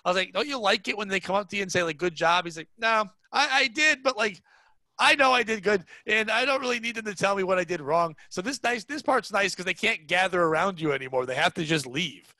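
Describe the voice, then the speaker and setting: A comedian telling a rambling, animated story in casual chat, peppered with "like.". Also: male voice, sits high, quick pace, no echo. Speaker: comedian guest.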